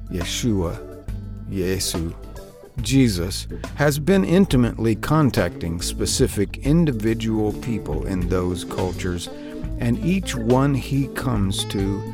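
A man hosting a Christian talk show, preaching in a slow, fervent cadence before interviewing his guest. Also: lowish voice. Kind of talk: preaching monologue, then interview. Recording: music bed of guitar behind.

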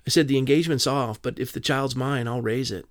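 Man, interview guest, brisk earnest storyteller, dry close mic. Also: medium pitch, no echo. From Southern California. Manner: earnest storyteller, quotes dialogue. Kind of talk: personal testimony in an interview.

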